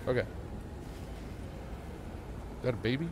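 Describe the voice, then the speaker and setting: A man's voice: fairly low pitch, normal speed. A man streaming a video game, chatting casually with a friend, swearing often and yelping when startled. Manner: excitable, swears a lot, yelps at surprises. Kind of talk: casual gaming stream chat. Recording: steady background noise.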